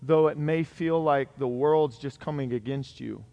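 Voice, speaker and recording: A man preaching a sermon, reading scripture aloud and then talking to his congregation in an animated way, swinging between loud passages and soft ones. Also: mid-range voice, measured pace, gravelly, dull audio. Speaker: pastor.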